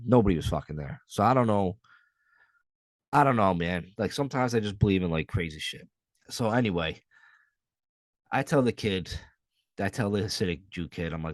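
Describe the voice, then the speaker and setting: A man's voice: fairly low pitch, no room sound. Profane, rambling male podcast host. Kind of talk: casual storytelling monologue.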